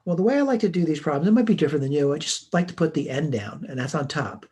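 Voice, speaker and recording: A man's voice: on the high side, expressive, fast talker, mellow, husky. A man teaching a recorded math lesson, working through homework problems step by step in a plain, methodical way. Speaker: math instructor. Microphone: computer mic while writing on a tablet.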